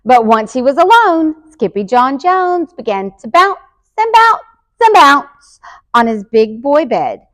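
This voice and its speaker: A woman school librarian reading a children's picture book aloud in a lively, expressive way. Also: high-pitched, takes it slowly.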